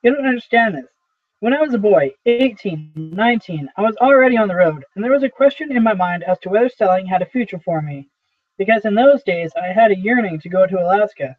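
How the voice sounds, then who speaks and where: A worn-out old salesman pleading for his job, voiced in a fairly high register by a man reading the play aloud. He rambles earnestly through long stories. The sound is thin and tinny, like a phone line. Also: lively intonation, a little fast, no room sound. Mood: earnest, nostalgic. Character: aging weary male traveling salesman, pleading.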